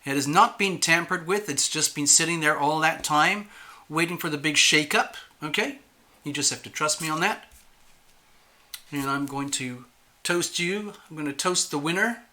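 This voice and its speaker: Bright-toned chatty male host. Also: fairly high pitch, normal speed. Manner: chatty, playful, self-admittedly nervous. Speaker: tarot channel host. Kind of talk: casual solo livestream talk.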